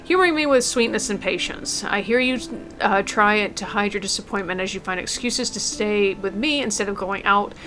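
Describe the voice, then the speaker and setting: A woman reading aloud as an elderly mother, gentle and tender, with small stumbles. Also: medium pitch, normal speed, hardly any pauses, lightly acted. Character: elderly mother writing a farewell letter. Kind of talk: reading a game letter aloud.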